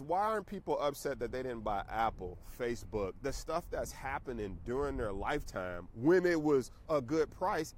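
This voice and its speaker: A middle-aged man, a stock trading teacher, ranting casually and emphatically to his viewers. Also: medium pitch. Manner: emphatic, preachy, conversational. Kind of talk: casual rant to camera.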